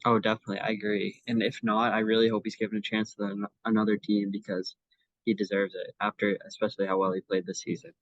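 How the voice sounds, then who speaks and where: A young man talks sports with a co-host in an easy, rambling way, full of ums and restarts. His voice sits a little low. The sound is dull and lo-fi, close and dry. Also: little pitch movement, quick pace, no room sound. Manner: chatty, many fillers and restarts. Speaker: podcast co-host. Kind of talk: casual sports chat.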